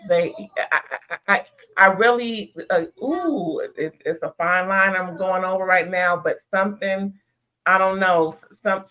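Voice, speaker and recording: A woman's voice: fairly low pitch, a little slow, pushed and bright. A woman hosting a live show, reviewing a reality TV episode in casual, emphatic chat and talking straight to her viewers. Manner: emphatic, talks to viewers as "y'all". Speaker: host.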